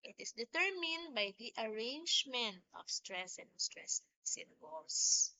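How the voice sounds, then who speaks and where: A woman's voice: a little high, very animated, sharp tone, a little hiss or hum. A woman teacher giving a lesson on poetry, explaining patiently and sounding out rhythms. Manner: slow, patient explaining with sung-out rhythm examples. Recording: dull lo-fi sound.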